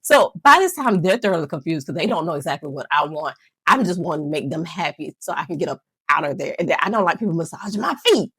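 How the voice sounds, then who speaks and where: Woman, vlogger, casual storytelling, rambling, self-mocking, breathy, low-pitched. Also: expressive, fast, fairly bright tone, no echo. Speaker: nail channel vlogger.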